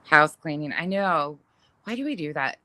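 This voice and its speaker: Chatty bright-voiced woman, low-pitched. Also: lively intonation, moderate pace, no echo. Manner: chatty, laughs often, swears casually. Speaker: livestream host reading viewer comments. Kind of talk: casual chat.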